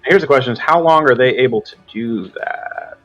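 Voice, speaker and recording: A man's voice: mid-range voice, moderate pace, fairly bright tone, highs cut off, faint music behind. Man running a tabletop game. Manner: thinks aloud while checking rules. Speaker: game master.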